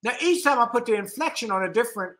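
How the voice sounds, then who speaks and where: Animated man co-hosting, bright tone. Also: very high voice, quick pace. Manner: animated, emphatic, repeats words while thinking. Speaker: co-host. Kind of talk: relationship talk show conversation.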